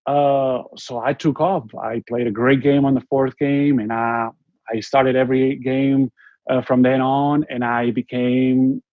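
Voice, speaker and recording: A man in his forties from Spain with a Spanish accent, telling a story as an interview guest in an earnest, halting way with frequent restarts. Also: mid-range voice, flat delivery, dry recording, phone-quality sound. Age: 40s. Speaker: interview guest, former basketball player.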